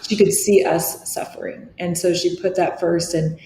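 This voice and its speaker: Her voice is low-leaning, dark and steady, at a normal speed. The middle-aged podcast guest talks candidly, earnest and reflective, frequently starting sentences over, recorded in an echoey room with faint noise.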